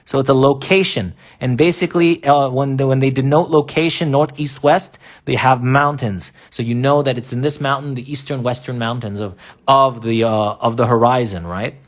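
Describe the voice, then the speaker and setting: A man explaining step by step in a live online lesson, often asking rhetorical questions and pausing to draw. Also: mid-range voice, steady tone. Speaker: teacher. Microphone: laptop or phone mic in a live stream.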